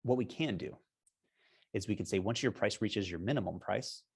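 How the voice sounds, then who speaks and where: A man with a slightly low voice speaks as an interview guest. He explains business strategy in an upbeat, persuasive way, asking himself rhetorical questions and chuckling often. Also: normal speed, creaky, breathy edge. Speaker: guest, repricing software founder.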